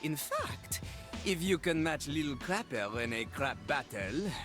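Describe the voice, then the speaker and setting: A man's voice: fairly high pitch, sing-song, unhurried, over music. An actor playing a boastful male toilet in a video game, talking about himself in the third person with a French accent. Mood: swaggering. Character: cocky male toilet who raps, pompous French-accented.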